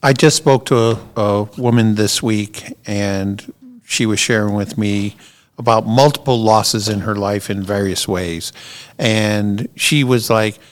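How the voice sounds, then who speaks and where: A man's voice: on the low side, fairly even intonation, measured pace. A middle-aged man, a pastor co-hosting a podcast, talking in an affirming way and sharing personal reflections. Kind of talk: casual podcast conversation.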